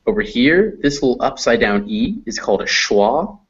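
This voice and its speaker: A man's voice: mid-range voice, sing-song, moderate pace, husky. A man teaching a phonetics class, patiently explaining sounds and drawing out example words. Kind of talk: classroom lesson. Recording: dull lo-fi recording.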